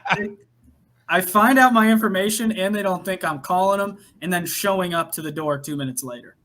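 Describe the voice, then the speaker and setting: A young podcast co-host with a high-pitched, slightly bright voice chats fairly quickly and casually. He laughs as he tells a story about his sales job.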